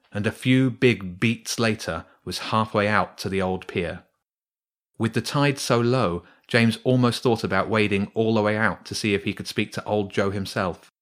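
A man narrating a children's story in a steady, measured reading. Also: lowish voice.

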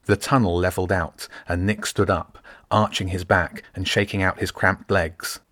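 A male narrator reads a fantasy audiobook in a measured, descriptive way. His voice sits fairly low, and the recording is close and dry. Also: little pitch movement, fairly bright tone, dry recording.

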